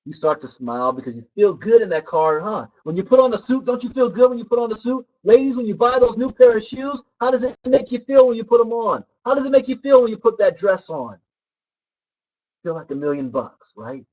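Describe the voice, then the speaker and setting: A man leads a motivational training session in a lively, animated way, acting out the people in his stories. His voice sits a bit high for a man. The recording is dull and lo-fi. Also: a little fast. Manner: animated storyteller who acts out quoted people. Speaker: personal development trainer.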